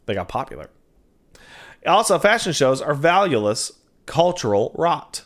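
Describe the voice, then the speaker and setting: A man streaming a game, chatting casually and reading out donations with jokey, quick asides. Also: a little high, very animated.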